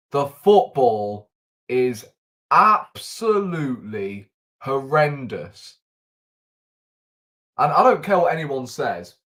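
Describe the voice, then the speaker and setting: Exasperated man ranting slowly. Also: medium pitch, fairly bright tone. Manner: exasperated, incredulous ranting with rhetorical questions. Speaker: football fan channel host. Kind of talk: live-stream match reaction rant. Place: at home in front of a camera.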